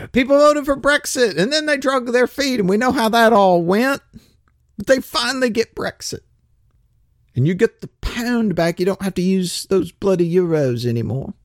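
A man's voice: sits high, expressive, a little slow, no echo, clean studio sound. A man delivering a sarcastic, mocking opinion monologue as a political commentator.

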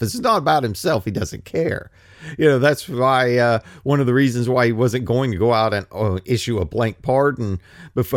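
A man's voice: mid-range voice, no echo, clean studio sound. A man giving a rambling, sarcastic political monologue who laughs often. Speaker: political commentator.

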